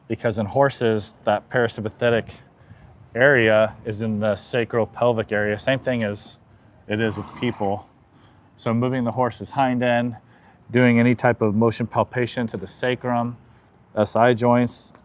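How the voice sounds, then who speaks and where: Man, lowish voice, equine chiropractor, calm, explanatory, hands-on demo. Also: a little hiss or hum. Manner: calm, explanatory, soothing to the horse. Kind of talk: hands-on demonstration.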